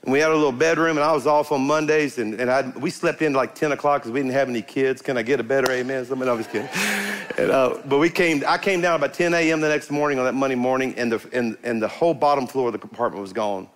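A middle-aged man preaching a sermon to his congregation, emphatic and animated, calling out to the crowd and rising into bursts of fervor. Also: medium pitch, quick pace. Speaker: pastor. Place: church sanctuary before a congregation.

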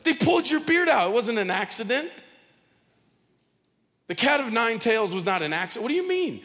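A man's voice: extremely high pitch, sing-song, normal speed, long pauses, fairly bright tone. A male pastor giving a sermon in a conversational, repetitive style, acting out the people he quotes. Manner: conversational preaching, repeats words, acts out quotes. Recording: long hall reverb.

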